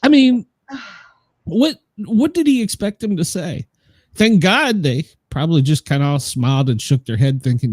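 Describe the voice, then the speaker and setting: Man, mellow voice, lively pitch, rambling, chuckling, dry close sound. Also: moderate pace, no room sound. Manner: rambling, chuckling, many fillers. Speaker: co-host of a daily news show; former emergency responder. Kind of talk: casual news chat.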